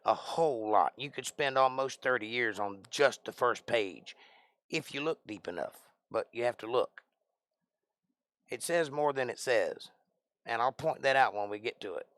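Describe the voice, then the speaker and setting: A man with a Southern accent from Georgia talks through a relaxed livestream, reading comments and tossing back dry jokes. His voice sits at an ordinary middle pitch. The sound is close and dry, with no room echo. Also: moderate pace. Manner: joking, wry, bantering with chat. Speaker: livestream host and Bible teacher.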